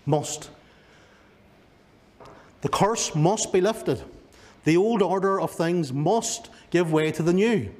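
A man's voice: high voice, animated, slow, pauses often, darkish tone. A male pastor with a Northern Irish accent preaching a sermon, emphatic and driving home key words by repeating them. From Northern Ireland.

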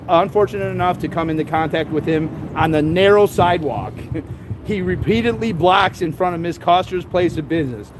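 Man with a high voice, reads legal papers haltingly, sarcastic laughing asides, outdoors with faint street noise. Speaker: vlogger. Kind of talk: reading court papers aloud with commentary.

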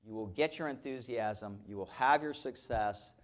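A man in his fifties giving an energetic motivational keynote as a company founder, telling stories and often checking in with his audience. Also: mid-range voice, moderate pace. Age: 50s. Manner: energetic, storytelling, keeps checking in with "okay?". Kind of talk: motivational conference talk. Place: conference stage.

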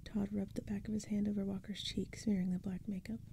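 A woman reading a spooky children's story in a soft, breathy whispered role-play, close to the mic. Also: medium pitch, level tone, fairly quick, a little hiss or hum. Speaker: ASMR storyteller.

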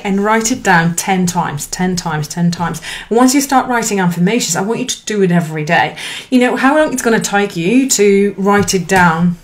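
A woman in her thirties giving an earnest, encouraging motivational talk to camera as a life coach, with lively swings in pitch. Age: 30s.

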